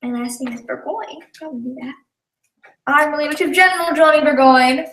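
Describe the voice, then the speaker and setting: A woman's voice: sits high, fairly quick, fairly bright tone. A woman chatting casually on a live stream, rambling and giggly, tired and thirsty. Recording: echoey room, far from mic, faint noise.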